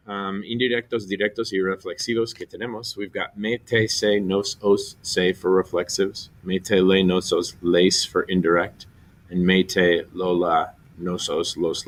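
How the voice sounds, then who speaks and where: A man teaching a recorded Spanish grammar lesson, explaining step by step and slowly spelling out syllables. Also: low voice, a little hiss or hum.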